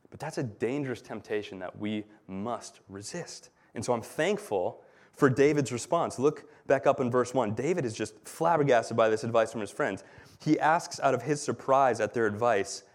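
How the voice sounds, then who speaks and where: A man's voice: mid-range voice, normal speed. Earnest male pastor, mid-range voice, teaching a sermon with light humor. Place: church.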